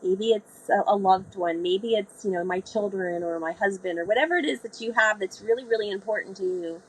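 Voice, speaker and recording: Woman, husky voice, animated storyteller, interview guest, middle pitch. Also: brisk, poor audio. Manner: animated storyteller, acts out quoted speech. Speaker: guest, sailor.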